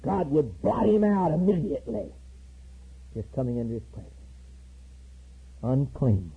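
A man preaching a sermon with a raspy voice, rising to loud high climaxes and slowing down for emphatic repeated lines. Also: sing-song. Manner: preaching with sudden loud high climbs and slow emphatic repetitions. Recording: tinny lo-fi recording.

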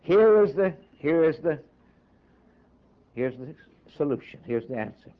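A man preaching a fervent sermon, leaning hard on slow, stressed lines. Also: fairly high pitch. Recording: dull lo-fi sermon recording.

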